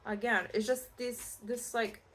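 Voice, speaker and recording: A woman's voice: on the high side, fairly even intonation, measured pace, fairly bright tone, slight background noise. A Scottish woman giving a casual pick-a-card tarot reading, chatty and reassuring, with many fillers and restarts. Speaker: tarot reader.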